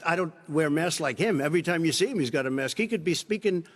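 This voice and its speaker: A man's voice: on the high side, expressive, quick pace. Combative American man in a reverberant hall. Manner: combative, keeps interrupting. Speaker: debate candidate. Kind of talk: heated televised debate. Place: large debate hall.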